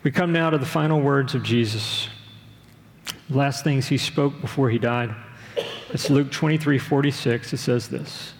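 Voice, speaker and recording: Gravelly-voiced preacher in a reverberant hall. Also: male voice, mid-range voice, fairly even intonation. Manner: earnest, measured preaching with rhetorical questions. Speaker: pastor. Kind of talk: sermon. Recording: long reverb of a large hall.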